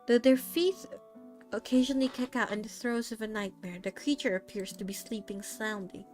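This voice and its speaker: Young woman, story narration, soft gentle reading, high voice, light background music. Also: normal speed. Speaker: VTuber storyteller. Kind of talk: second-person story narration.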